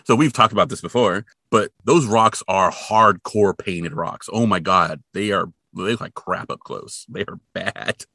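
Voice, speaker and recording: A man co-hosting a casual podcast, recapping a TV episode with animated, laughing chatter. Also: lowish voice, measured pace, vocal fry, hardly any pauses, no echo, clean studio sound. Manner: animated, laughs often, trails off mid-sentence. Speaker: podcast co-host.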